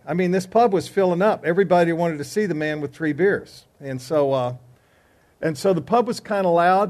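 A man's voice: on the high side, darkish tone. A man giving joking news and telling jokes before a class lesson, in a rambling, chatty way. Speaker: class teacher.

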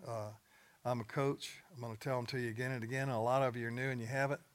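Speaking quickly in a level, medium-pitched voice, this older coach preaches to a men's gathering. His sermon is homespun and straightforward, built on stories sprinkled with jokes.

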